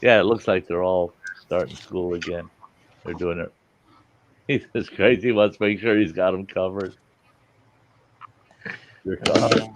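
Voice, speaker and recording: Casting: deep-voiced middle-aged host, crude storyteller who laughs often, muffled lo-fi audio with faint hiss. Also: male voice, fairly even intonation, a little slow, long pauses. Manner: profane, laughs often while telling stories. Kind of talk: casual campfire storytelling.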